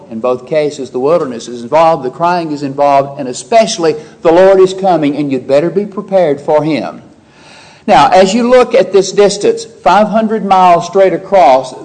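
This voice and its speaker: A man's voice: on the high side, darkish tone, poor audio. A man preaching a verse-by-verse sermon, raising his voice when he quotes scripture and asking the listeners questions. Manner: emphatic, rising sharply when quoting scripture; explains verse by verse with rhetorical questions. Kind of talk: expository sermon.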